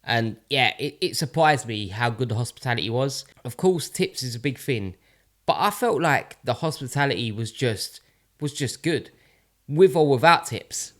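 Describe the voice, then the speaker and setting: A chatty man with a British accent reacts to a video in casual commentary. His voice sits at a middle pitch, and he talks in a friendly, easygoing way. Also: lively intonation, moderate pace. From United Kingdom.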